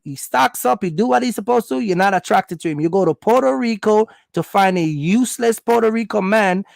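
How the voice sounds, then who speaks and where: Casting: blunt vlogger, high gravelly voice, mocking and scolding. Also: male voice, no echo. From Jamaica. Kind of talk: opinionated monologue.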